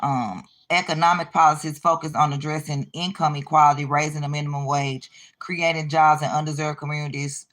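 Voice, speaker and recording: A woman with a low voice hosts a casual reaction video. She reads items aloud and talks back to the clips she plays, with dry sarcasm. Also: little pitch movement, fairly quick, few pauses, a bit bright. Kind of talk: casual commentary on news clips.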